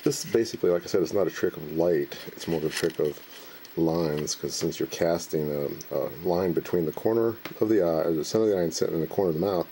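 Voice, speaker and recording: Deep-voiced man demonstrating a trick. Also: fast, slight background noise. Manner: relaxed, rambling, joking. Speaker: magic trick presenter. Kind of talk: casual demonstration.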